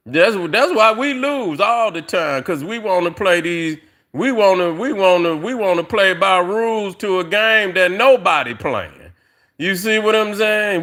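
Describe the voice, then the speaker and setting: A man's voice: high-pitched, sharp tone. A middle-aged man ranting on a casual livestream, profane and rambling, with lots of fillers, talking straight to his viewers. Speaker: livestream host.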